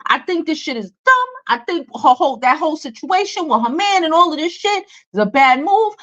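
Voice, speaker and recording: Young woman, high voice, blunt and cussing, rambling commentary vlog. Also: expressive, brisk, hardly any pauses, fairly bright tone, lo-fi sound. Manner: blunt, profane, dismissive, many fillers. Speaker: beauty and celebrity news host.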